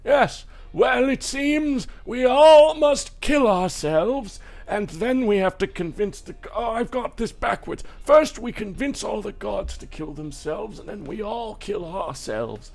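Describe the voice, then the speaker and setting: A man doing a pompous, high puppet leader. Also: animated, gravelly, darkish tone, faint music behind, heavily acted. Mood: solemn. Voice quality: slow, drawn-out stage voice. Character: grim male puppet leader, pompous and theatrical.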